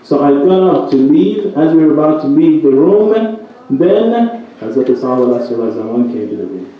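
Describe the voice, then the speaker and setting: A man's voice: on the high side, expressive, normal speed. A man giving a night sermon who tells a story and keeps checking in with his listeners with "right?". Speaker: religious speaker. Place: religious center hall. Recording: roomy echo, distant mic, dull sound.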